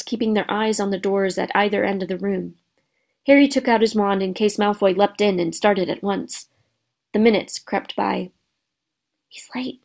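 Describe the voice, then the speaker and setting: A woman reading a children's storybook aloud as narrator, steady and expressive. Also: medium pitch, creaky. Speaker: audiobook narrator.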